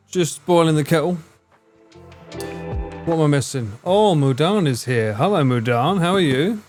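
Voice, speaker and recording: A man's voice: fairly high pitch, expressive, unhurried, a little mellow, faint music behind. A young man with an Essex accent, chatting casually and jokingly with his live stream viewers. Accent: Essex English. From Essex, England. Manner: joking, teasing, answers chat messages.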